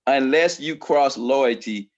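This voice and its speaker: A man in his forties, a guest singer, chatting in a relaxed, teasing way on a video call. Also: mid-range voice, slow, dull audio. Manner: laid-back, teasing, laughs often. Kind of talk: casual interview chat.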